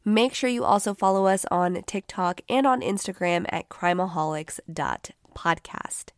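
Woman, true crime podcast host, groggy voice, measured sober narration, lowish pitch, dry close sound. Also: clear, resonant tone, dry recording. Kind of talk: scripted narration.

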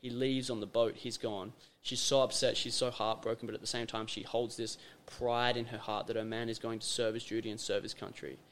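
An Australian man hosts a casual podcast chat in a voice of ordinary middle pitch. He talks emphatically and repeats his phrases for effect. He acts out little scenes as he explains his point. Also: little pitch movement, fairly quick, few pauses, fairly bright tone. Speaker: podcast host.

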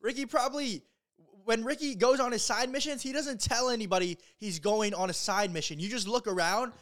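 A man co-hosting a podcast in casual chat, trading quick, teasing banter. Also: very high voice, fairly bright tone. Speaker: podcast co-host.

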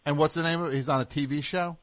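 A man's voice: a little high, steady tone, racing, fairly bright tone, dry recording. A man hosting a comedic radio call-in show, sarcastic and mock-scolding with callers, rambling through fillers. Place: radio studio.

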